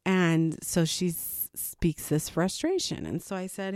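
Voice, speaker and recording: A woman's voice: fairly low pitch, measured pace, hardly any pauses, a little mellow, no room sound, clean studio sound. A woman in her thirties talking to camera as a mother, venting her frustration with occasional rueful laughs. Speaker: mother of an adopted child. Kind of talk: personal vlog monologue.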